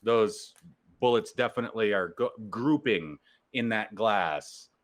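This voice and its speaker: Low, slow-talking male game master. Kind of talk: narrating a tabletop game.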